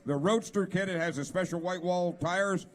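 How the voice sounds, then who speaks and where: A man's voice: high voice, moderate pace. A man presenting cars at an auction, reading out each car's features with enthusiasm. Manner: enthusiastic describing of car features. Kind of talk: reading out car descriptions.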